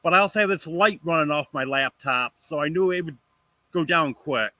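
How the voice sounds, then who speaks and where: A man's voice: fairly high pitch, normal speed, bright, forceful tone, dry recording. A man chatting as a guest on a livestream, answering in short, matter-of-fact replies. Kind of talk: casual chat.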